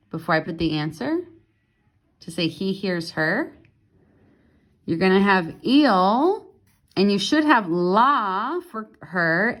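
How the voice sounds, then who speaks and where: Slow, patient woman teaching a lesson. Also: mid-range voice, fairly bright tone. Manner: slow, patient explaining with fillers. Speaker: French teacher. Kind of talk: casual recorded lesson. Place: home.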